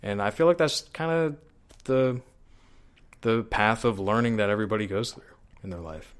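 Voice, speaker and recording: A man's voice: lowish voice, moderate pace, clean tone. A man talking casually on a podcast, asking curious, probing questions. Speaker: podcast guest and production manager.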